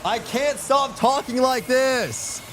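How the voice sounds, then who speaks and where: A man's voice: very high-pitched, slow pace, fairly bright tone, a little hiss or hum, pitched above the performer's own voice, heavily acted. A man streamer slipping into a put-on Southern country accent, groaning and repeating himself. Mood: exasperated drawl.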